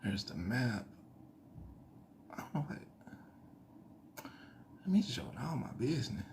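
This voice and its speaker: A man's voice: mid-range voice, big pitch swings, slow pace, gravelly, darkish tone, in a whisper. A man hosting his own casual news commentary, rambling and correcting himself as he works, with a slight twang. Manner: rambling, self-correcting, thinking aloud. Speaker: news show host.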